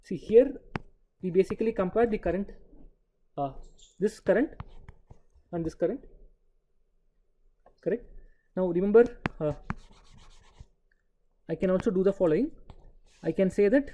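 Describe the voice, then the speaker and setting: A man giving an engineering lecture, often pausing to quiz the class with short prompting checks. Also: high voice, warm tone, a little hiss or hum. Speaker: university lecturer.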